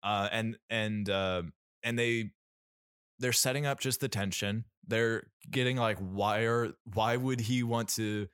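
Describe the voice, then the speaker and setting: A man's voice: fairly low pitch, fairly even intonation, takes it slowly, a bit bright, clean tone, dry recording, studio quality. A man co-hosting a podcast, casually reviewing a film, rambling with many fillers and restarts. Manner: rambling, lots of fillers and restarts, laughs often. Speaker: podcast co-host.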